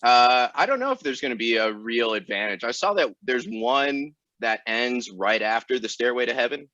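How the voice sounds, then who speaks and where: A man, a runner being interviewed, who answers with dry, deadpan jokes in casual chat. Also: medium pitch, normal speed, dry recording, dull audio. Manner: dry joking, deadpan humor. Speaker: ultrarunner guest.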